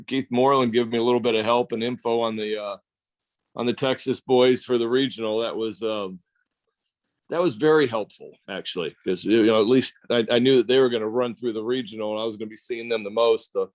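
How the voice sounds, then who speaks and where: A man in his fifties hosting a podcast, chatting casually in a relaxed, halting way that repeats words. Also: medium pitch. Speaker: podcast host, former pitcher. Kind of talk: casual chat.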